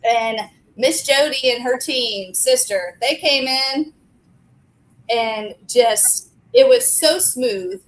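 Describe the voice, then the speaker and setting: A woman's voice: sits high, expressive, slow, low-quality recording. A woman in her forties, a restaurant co-owner and guest, chatting in a talkative, enthusiastic way. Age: 40s. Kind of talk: casual chat.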